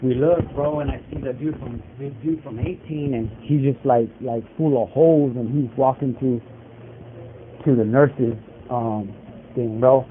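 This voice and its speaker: A man's voice: mid-range voice, fairly even intonation, measured pace. A man in prison telling a story in casual street slang, rambling with lots of fillers, over a phone call. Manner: rambling, filler-heavy street slang, many likes and bros. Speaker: incarcerated interviewee telling a story. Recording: tinny prison phone line with faint hiss.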